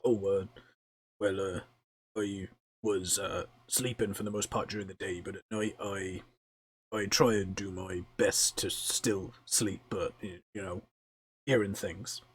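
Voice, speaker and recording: A frightened, twitchy lodger, put on by a game master stammers and trails off as he talks. The voice stays low and close to everyday speech. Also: fairly even intonation, measured pace, a little hiss or hum. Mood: nervous. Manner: stammering, hesitant. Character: jittery, frightened male tavern lodger.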